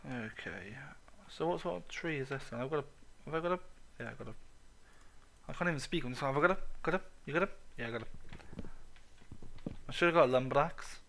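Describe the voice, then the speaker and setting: A man with an excitable, sweary, self-mocking manner, giving let's play commentary on his own game. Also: medium pitch, brisk, creaky, long pauses, slight background noise. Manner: excitable, swears a lot, laughs at himself. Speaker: gaming channel host.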